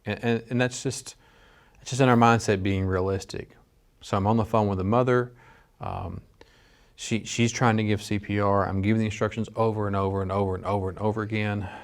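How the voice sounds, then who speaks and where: A middle-aged dispatch instructor gives a training lecture that includes a personal story, speaking earnestly and conversationally with frequent restarts. His voice is fairly low, brisk and fairly even in intonation.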